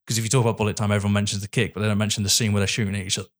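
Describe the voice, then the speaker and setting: Fast-talking man. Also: fairly low pitch. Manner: excitable, sweary, laughs often. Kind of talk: casual film chat.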